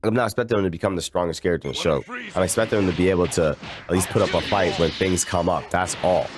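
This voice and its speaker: Low-voiced young man ranting over game music. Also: fast talker. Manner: slangy, exasperated, rambling. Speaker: game streamer. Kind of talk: casual rant while gaming. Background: video game music.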